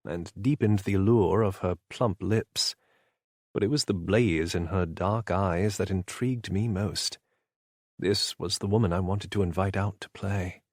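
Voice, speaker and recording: Low-voiced man narrating an audiobook. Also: darkish tone, no room sound, studio quality. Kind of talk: first-person audiobook narration.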